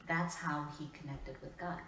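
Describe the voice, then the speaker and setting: A woman pastor preaches with an Upper Midwest American lilt, her voice sitting a little low for a woman. She speaks in a measured, earnest way and leaves deliberate pauses between her phrases. The sound carries the reverb of a church room, picked up from some distance away. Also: fairly even intonation, a bit bright, a little hiss or hum. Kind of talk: sermon. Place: church sanctuary. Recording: echoey church room, voice from afar.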